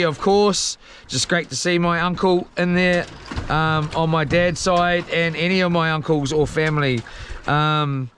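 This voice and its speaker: A man's voice: sits high, fairly bright tone, a little hiss or hum. A young man with a New Zealand accent chatting casually on a live stream from a small boat at sea. He reads out viewer comments in a laid-back, slangy, rambling way with plenty of fillers. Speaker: livestreamer.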